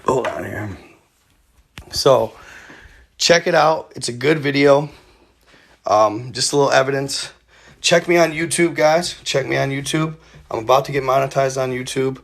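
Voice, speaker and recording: A man's voice: medium pitch, unhurried, gravelly, long pauses, a bit bright. A man hosting a casual livestream, rambling with many fillers and talking straight to his viewers. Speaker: livestream host.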